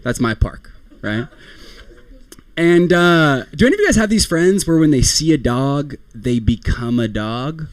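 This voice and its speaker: A man's voice: a little high, sing-song, unhurried, dry recording. A young man performing a rambling, self-deprecating stand-up comedy set, often laughing at his own jokes.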